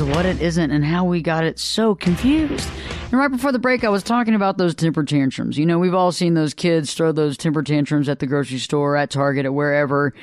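A man hosting a live radio advice talk show, emphatic and preachy, repeating phrases for effect. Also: a little high.

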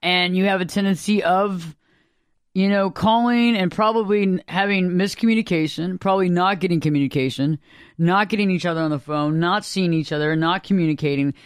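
A man's voice: high-pitched, a little fast, smooth, no room sound, studio quality. A man hosting a spiritual talk show, speaking in an earnest, rambling way that circles back and repeats his points.

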